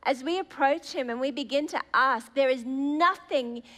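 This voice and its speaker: A woman, preaching a fervent sermon, slowing and stretching words for emphasis as she acts out prayers. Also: high-pitched, fairly bright tone.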